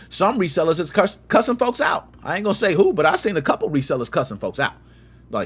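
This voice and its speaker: A man hosting a gaming channel, telling a story in slangy, lively commentary and acting out quotes with sound effects. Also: fairly high pitch, fast talker, husky.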